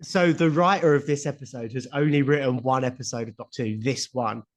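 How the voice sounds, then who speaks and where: A man's voice: mid-range voice, fairly even intonation, brisk. A man co-hosts a casual chat with an ordinary, mid-range voice. He laughs easily and drops blunt, crude remarks into the conversation. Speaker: podcast co-host.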